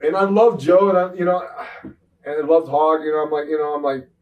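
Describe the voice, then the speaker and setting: An older man, a retired wrestler, telling rambling profane stories in an interview, often saying "you know what I'm saying" and getting loud when he retells fights. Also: fairly high pitch, fairly quick, distant mic, narrow, tinny audio. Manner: grows loud and animated when retelling confrontations. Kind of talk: shoot interview storytelling.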